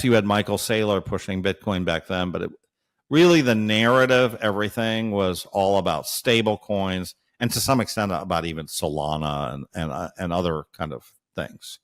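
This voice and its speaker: A man's lowish voice moves at a moderate pace. Being interviewed as an analyst, he gives long, thinking-aloud explanations, hesitating frequently and filling gaps with fillers and "right?".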